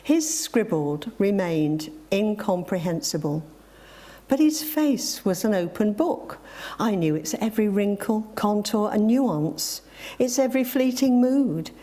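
A woman preacher reading a reflective story and moving into a sermon, gentle and with emphatic exclamations. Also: medium pitch, lively intonation, measured pace.

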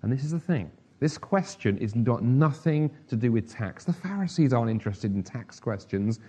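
A man's voice: medium pitch, lively intonation, moderate pace, warm tone, slightly rough. A middle-aged man preaching a sermon in a conversational, humorous way, full of asides.

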